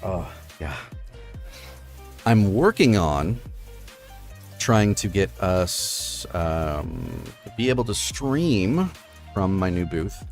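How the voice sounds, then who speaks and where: Explaining poetry forms on his live stream, this host drifts along in a loose, filler-heavy way, often asking "right?". He has a low, animated voice with vocal fry, stretching out his words and leaving long pauses, while soft music runs in the background.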